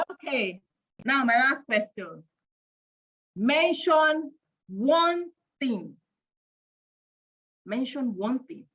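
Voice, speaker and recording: A woman hosts a live online parenting quiz. Her voice sits a little high. She counts aloud and teases the audience in a playful, chatty way, and the stream audio sounds dull and lo-fi. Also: pushed and bright. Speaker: host of an online parenting event.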